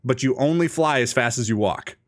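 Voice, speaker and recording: A man's voice: medium pitch, a little fast. A young man co-hosting a podcast, joking around and asking playful questions in casual chat. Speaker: podcast co-host. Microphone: studio podcast mic.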